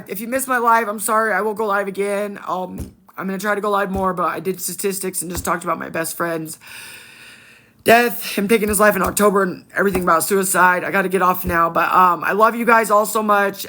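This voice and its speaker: A woman's voice: medium pitch, pushed and bright. A woman on a phone livestream, greeting viewers by name in an affectionate, chatty, rambling way. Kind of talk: casual livestream shout-outs.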